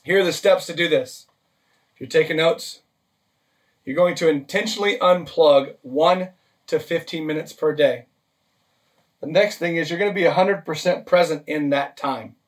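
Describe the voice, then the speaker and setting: A man's voice: a little high, normal speed, long pauses. Man preaching from a distance off the mic. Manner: practical, list-driven teaching with frequent "okay?" and "right?" check-ins. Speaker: pastor. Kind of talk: sermon.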